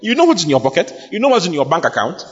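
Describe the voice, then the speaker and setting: Man preaching, husky voice, emphatic and repetitive, long hall reverb, dull lo-fi sound. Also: on the high side, big pitch swings, rapid-fire. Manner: emphatic and repetitive, building to shouts. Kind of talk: sermon.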